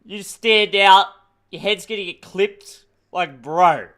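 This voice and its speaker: A young man with a fairly high voice jokes along in slow, drawn-out quips. He speaks over a headset during casual game chat. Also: sharp tone. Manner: joking, chimes in with quips. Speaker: gamer.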